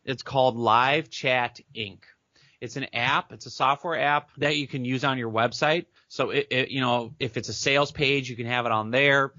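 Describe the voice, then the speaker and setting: Bright, upbeat American man talking sales. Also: mid-range voice, fairly even intonation, no echo, dull audio. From Minneapolis area, United States. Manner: enthusiastic, fast-talking salesman, acts out chat messages. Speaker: guest, business coach. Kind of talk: podcast interview.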